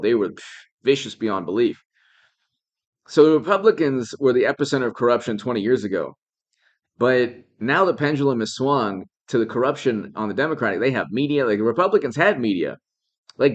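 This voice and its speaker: A man's voice: mid-range voice, lo-fi sound. A man hosting a live political commentary stream, rambling, laughing often and thanking viewers by name.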